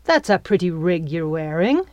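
A woman's voice: lowish voice, big pitch swings, normal speed, darkish tone, no room sound, highs cut off. Woman doing a greedy snarling young pirate. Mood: mocking. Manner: mocking, snarling, old-fashioned pirate talk. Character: young greedy pirate captain, boastful, with a steel claw.

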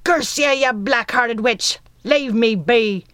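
A woman's voice: a little high, expressive, slow, clean tone, dry recording, clean studio sound. A woman doing a nasal, sinister lookout. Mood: snarling. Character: scruffy male pirate lookout, nasal and sinister.

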